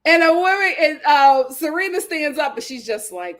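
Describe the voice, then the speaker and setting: A woman's voice: sits high, normal speed, hardly any pauses. A woman hosting her own channel, telling a reality-show recap with sassy slang, dramatic flair and lots of laughter. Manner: dramatic, animated storytelling with frequent laughter; playful slang and sass. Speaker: YouTube show host.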